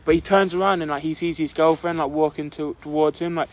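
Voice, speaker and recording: This young adult co-hosts a podcast, spinning a long, wandering tale and leaning on "like" nonstop. He speaks fast, his voice a little high and his tone steady.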